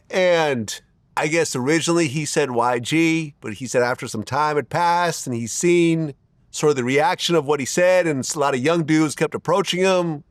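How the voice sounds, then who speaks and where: Chatty man hosting an interview, higher voice. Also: no echo, clean studio sound. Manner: chatty, quick asides, laughs along. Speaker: interview host. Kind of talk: casual interview.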